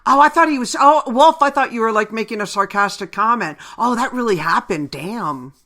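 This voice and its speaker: Chatty woman radio host, bright voice. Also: a little high, expressive, normal speed. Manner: chatty, laughs often, many fillers. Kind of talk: casual interview chat. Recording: radio broadcast.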